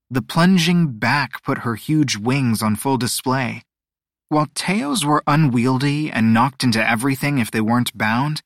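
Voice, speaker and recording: Narrating a fantasy novel for an audiobook, this man keeps an even, descriptive storytelling delivery from a script. He has a mid-range voice, recorded at studio quality without room sound.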